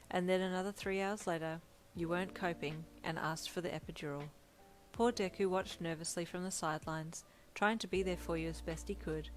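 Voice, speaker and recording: Woman narrator, lower voice, gentle story reading. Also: poor audio. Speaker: fanfiction reader. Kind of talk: second-person story narration.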